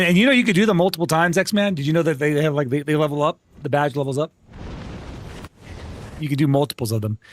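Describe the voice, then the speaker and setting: A man's voice: mid-range voice, slight background noise. A young man streaming live, chatting casually with viewers and telling joking stories, with some swearing. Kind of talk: casual chat with livestream viewers.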